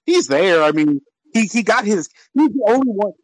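Lively, animated man ranting with a laugh. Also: high-pitched, moderate pace, no room sound, poor audio. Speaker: podcast panelist. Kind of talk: casual group debate.

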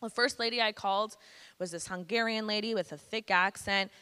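Bright-voiced woman speaker in an echoey hall. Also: mid-range voice, steady tone, brisk, clean tone. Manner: candid, conversational, slangy. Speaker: guest speaker. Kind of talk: personal testimony to students. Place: school hall.

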